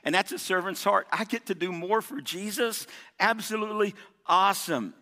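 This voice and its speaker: This is a man's high-pitched voice, pushed and bright, at a moderate pace, delivering a sermon as pastor. He stresses key points through repetition and calls on the congregation to answer, while the large sanctuary adds a long, hall-like reverb.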